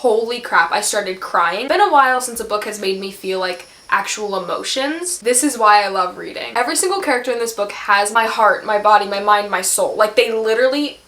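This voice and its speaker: A young woman chatting casually in a book vlog, gushing and full of fillers, sometimes reading quotes aloud softly. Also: mid-range voice, brisk, hardly any pauses, echoey room. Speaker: book vlogger.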